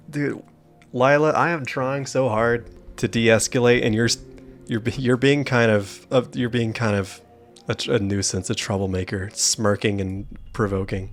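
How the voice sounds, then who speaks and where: A man's voice: mid-range voice, fairly even intonation, moderate pace, soft background music. A man giving casual let's-play commentary as a gaming streamer, making sarcastic, joking asides at the game.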